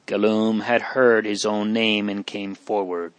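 Man narrating a classic novel, earnest and unhurried, average pitch, dry close-miked sound. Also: level tone, no room sound. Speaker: audiobook reader. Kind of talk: scripted narration of a Victorian novel.

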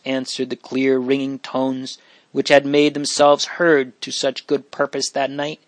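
A man's voice: medium pitch, completely flat delivery, unhurried, no room sound. Man narrating a storybook, dry sound.

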